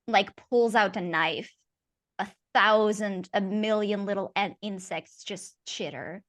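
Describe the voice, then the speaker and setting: A woman's voice: medium pitch, a bit bright. A woman playing a tabletop game who describes her character's actions in a thoughtful, hesitant way. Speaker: player.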